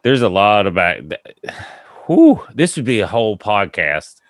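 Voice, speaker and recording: Rambling storytelling podcast man, low voice. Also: measured pace, dry recording. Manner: rambling, laughing, animated retelling with quoted voices. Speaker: podcast host. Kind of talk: casual storytelling chat.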